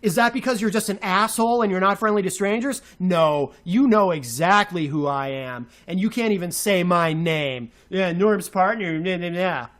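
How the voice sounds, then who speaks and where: A man's voice: sits high, moderate pace, hardly any pauses, a bit bright. A man co-hosting a radio show, ranting furiously with sarcastic, insulting outbursts. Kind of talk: angry on-air rant.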